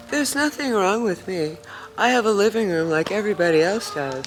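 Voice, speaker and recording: With music playing behind her, a woman talks at a medium pitch, animated and slightly quick, vlogging casually to the camera about life on her farm. She chats, laughs a lot, and coos at her chickens while moving in and around a trailer inside a barn.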